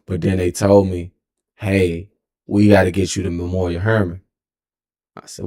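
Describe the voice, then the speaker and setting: Gravelly low-voiced Texan man in his twenties. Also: little pitch movement, normal speed, mellow. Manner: rambling and profane, with frequent self-corrections. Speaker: streamer. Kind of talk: casual storytelling.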